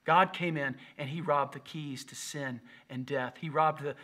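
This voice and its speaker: Impassioned preacher man with a bright voice. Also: medium pitch, fairly even intonation, normal speed, few pauses. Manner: impassioned, swinging from loud emphasis to near whisper; repeats phrases for emphasis. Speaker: pastor. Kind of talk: Easter livestream sermon.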